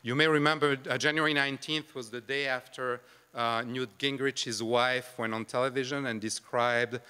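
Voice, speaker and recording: A man with a mid-range, fairly level voice speaks at a moderate pace, his tone pushed, bright, clear and resonant. He gives a conference presentation into a microphone in a large lecture room, hesitating often with fillers and restarts, and a long hall reverb hangs on the recording.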